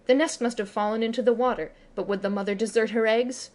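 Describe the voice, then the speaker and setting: A woman's voice: a little high, fairly even intonation, quick pace, a little mellow, natural voice. A woman voicing a proud, brooding male pirate captain with theatrical, old-fashioned oaths, in an audiobook reading. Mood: commanding.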